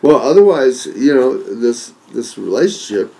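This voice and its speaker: Guy giving calm advice, average pitch, keeps repeating himself, reasoning it out. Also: unhurried, vocal fry, rough recording. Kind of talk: emotional personal conversation.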